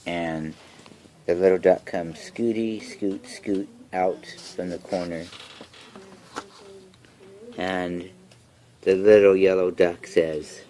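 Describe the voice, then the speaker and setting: Very low-voiced woman reading a picture book. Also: fairly even intonation, slow, long pauses. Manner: gentle, coaxing, asks the children questions. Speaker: reader to young children.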